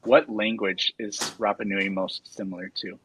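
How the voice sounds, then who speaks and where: A man talking deadpan with lots of hesitant fillers, casually trolling in an online chat. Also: fairly low pitch, moderate pace, a little hiss or hum, low-quality recording.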